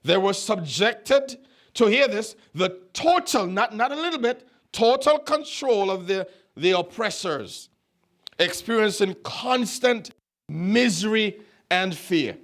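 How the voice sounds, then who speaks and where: A man's voice: expressive, slow pace, fairly bright tone. A middle-aged male pastor from Nevis preaching a sermon, telling stories and repeating phrases with rising emphasis. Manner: emphatic, repeats phrases, rises to high exhortation. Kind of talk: sermon storytelling.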